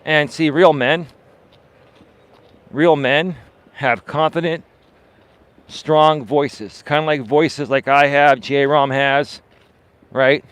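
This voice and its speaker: A man's voice: fairly high pitch, fairly even intonation, slow, long pauses, fairly bright tone, clear, resonant tone. A man hosting a live coaching stream, talking in a dismissive, emphatic way, repeating words for stress and often asking "right?". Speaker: life and dating coach, live-stream host. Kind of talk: unscripted live-stream monologue.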